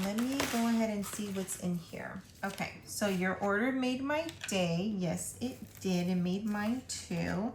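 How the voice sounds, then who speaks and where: A woman hosts a casual budgeting vlog, chatting and gushing as she unwraps packages and reads the notes out loud. Her voice sits at an ordinary middle pitch. The room around her is echoey, with a faint hiss underneath. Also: slow. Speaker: budgeting channel host. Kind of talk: casual vlog, opening mail.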